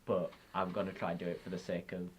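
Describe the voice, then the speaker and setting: A man's voice: sits low, level tone, fast talker, slight background noise. A young man co-hosting a podcast, chatting casually and joking between impressions. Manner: jokey, giggly, tries impressions. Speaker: podcast co-host. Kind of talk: casual chat.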